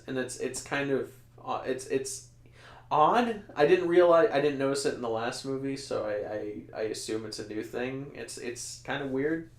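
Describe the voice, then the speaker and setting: A man co-hosting a casual podcast, reviewing a movie in a rambling, animated way and laughing often. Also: medium pitch, echoey room. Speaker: podcast co-host.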